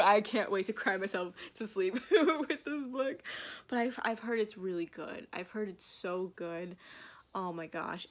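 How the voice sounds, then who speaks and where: Speaking at a medium pitch, this woman is an excitable book vlogger chatting straight to camera. Her gushing talk keeps restarting and is loaded with fillers and casual curses.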